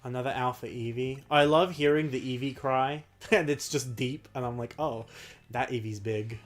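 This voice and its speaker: A man's voice: mid-range voice, steady tone, normal speed. A young man chatting casually on a livestream while playing a game, rambling and self-deprecating, with frequent laughs. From Australia. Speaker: streamer.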